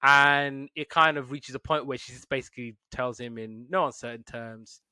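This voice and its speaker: A man hosting a podcast in casual chat, retelling cartoons with lively put-on voices. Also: mid-range voice, normal speed, clean tone, no echo, studio quality. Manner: animated storytelling with put-on voices. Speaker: podcast host.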